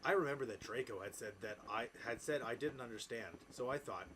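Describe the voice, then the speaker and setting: A man doing a comedic deadpan reading of fanfiction aloud, with laughing asides. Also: mid-range voice, a little fast, hardly any pauses. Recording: noisy background ambience.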